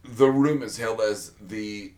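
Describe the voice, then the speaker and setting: Slow, low-voiced man chatting casually. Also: darkish tone. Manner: rambling, many fillers and restarts. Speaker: podcast co-host. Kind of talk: casual chat.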